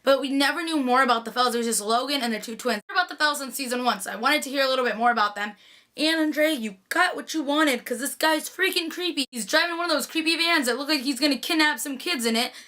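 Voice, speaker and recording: A woman's voice: high voice, quick pace, sharp tone. A young woman gushing in a casual, chatty recap of a TV episode, full of "like".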